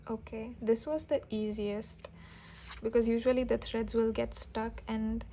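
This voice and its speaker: A woman tarot reader doing an intuitive reading for viewers, talking gently and with enthusiasm, often restarting and breaking into soft exclamations. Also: a little high, flat delivery, measured pace, a little hiss or hum.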